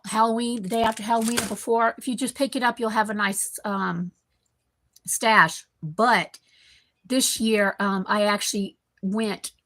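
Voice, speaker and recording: A woman's voice: medium pitch, pushed and bright, slight background noise. A woman, rambling casually as she hosts a live stream from her home kitchen and chats with viewers by name. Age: 50s. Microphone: computer microphone.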